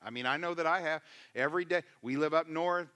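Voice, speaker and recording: Brief: male pastor, sermon, emphatic and chatty, bright and sharp, slightly high voice. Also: fairly quick, clean tone. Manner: emphatic, acts out quotes in voices; conversational, asks the congregation questions.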